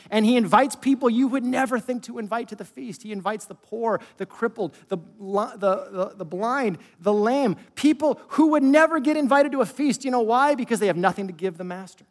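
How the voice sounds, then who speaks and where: High-pitched guy preaching, chatty sermon w/ lots of questions, long hall echo. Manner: conversational preaching with rhetorical questions and sudden quiet asides. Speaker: pastor.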